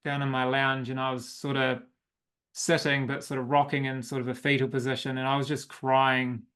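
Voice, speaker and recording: A man's voice: mid-range voice, flat delivery, normal speed, fairly bright tone. A man, a coach, telling his personal story as an interview guest in a reflective, emotional way.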